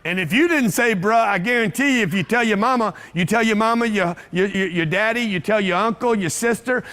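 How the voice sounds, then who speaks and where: A man with a high-pitched voice speaks to a live audience in an event room. He is brash and punchy, hammering on repeated phrases like a motivational seminar speaker. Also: a little fast, few pauses, pushed and bright.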